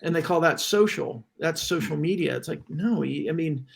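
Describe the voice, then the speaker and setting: A man's voice: a little high, moderate pace, gravelly, slight background noise. A man on a casual panel discussion, reflective and questioning as he thinks aloud.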